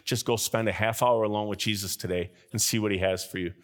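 A middle-aged man preaching a sermon as pastor, his voice rising sharply at points of emphasis, with frequent chuckles mid-sentence. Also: quick pace. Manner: animated, with sudden rises in pitch and loudness.

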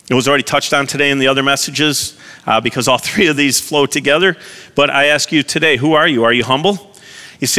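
A man's voice: mid-range voice, bright, forceful tone, in a large hall. A man preaching a sermon as pastor, earnest, putting direct questions to his congregation.

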